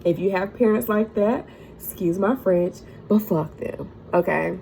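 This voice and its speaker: A woman's voice: medium pitch, measured pace, gravelly, dark tone, slight background noise. A young woman talking bluntly and with swearing in an emotional personal vlog, teary at times, about getting through hard times. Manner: blunt, profane, preachy, tearful at times. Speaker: crystal healing channel owner.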